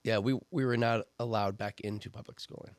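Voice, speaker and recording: A man's voice: fairly low pitch, fairly even intonation, fairly quick, no room sound. A man talking as a podcast guest about coaching and homeschooling. He is earnest and emphatic, and he repeats words for stress. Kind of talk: casual chat.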